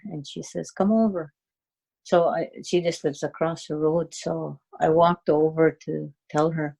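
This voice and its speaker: A woman telling a personal story in a halting, unhurried way, with many fillers and restarts. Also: sits low, darkish tone. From Cayuga Nation, Six Nations of the Grand River, Canada.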